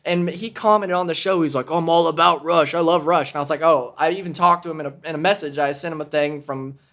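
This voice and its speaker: A man hosting a podcast in casual chat, telling stories excitedly, laughing and swearing as he goes. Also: on the high side, fast talker. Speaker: podcast host.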